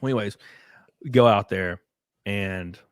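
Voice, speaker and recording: A man's voice: fairly low pitch, unhurried, clean tone, no echo, clean studio sound. Rambling man telling stories. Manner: rambling, animated, many fillers and acted quotes. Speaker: guest on a live stream. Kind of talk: casual storytelling chat.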